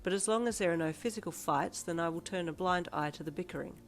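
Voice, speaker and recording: A woman reads as a proper young male student, earnest and blunt, his words stiff and formal. The voice sits fairly low, close to the reader's own. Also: quick pace, faint music behind, natural voice.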